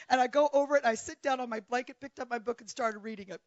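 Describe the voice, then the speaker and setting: A woman preaching a testimony with animated, storytelling energy, acting out the voices of the people she describes. The recording is dry and a little dull, with no room echo. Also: a little high, fast talker, few pauses. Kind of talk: testimony sermon.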